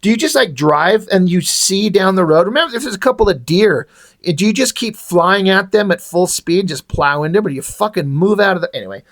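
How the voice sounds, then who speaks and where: A man's voice: sits high, expressive, a little fast. A man reviewing a comic book in a casual rant, sarcastic, exasperated and full of swearing.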